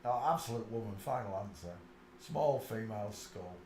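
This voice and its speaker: A man's voice: expressive, moderate pace, darkish tone, echoey room, a little hiss or hum. A man hosting a live stream, rambling on and muttering asides to himself. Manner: breaks into high shrieking laughter.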